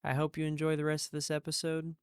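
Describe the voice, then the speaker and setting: A man's voice: a little high, completely flat delivery, fast, clear, resonant tone, no room sound, studio quality. A man hosting a podcast, chatting casually with wry jokes. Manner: joking, wry. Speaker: podcast host. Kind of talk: casual chat.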